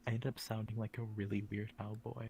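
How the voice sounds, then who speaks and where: A man from Minnesota chatting casually, talking softly and low so he won't wake the people around him. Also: little pitch movement, a little fast, creaky, slightly rough. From Minnesota, USA. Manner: soft, low, careful voice to avoid waking others. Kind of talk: casual chat.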